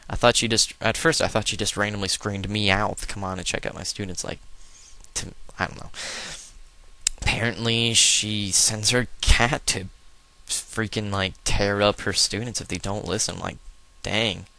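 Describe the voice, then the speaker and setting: A man's voice: lowish voice, fairly even intonation, unhurried, creaky, pushed and bright, no room sound. A man giving casual, rambling and joking commentary over a video game he plays. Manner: rambling, joking, lots of fillers. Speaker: let's play host.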